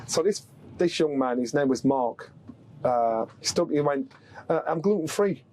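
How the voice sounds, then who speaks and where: On a podcast, a middle-aged English guest, once a boxing world champion, chats casually and brings his stories to life by imitating the people in them. He speaks a little slowly in a mid-range voice.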